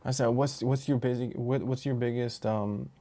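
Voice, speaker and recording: A man telling a personal story in a rambling, halting way, with many restarts and fillers. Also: mid-range voice, fairly even intonation, warm tone. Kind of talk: casual storytelling monologue.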